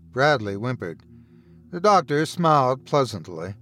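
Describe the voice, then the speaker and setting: Expressive male horror storyteller. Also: medium pitch, moderate pace, soft background music. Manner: dramatic, expressive reading. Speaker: storyteller and podcast host. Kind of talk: scripted horror narration.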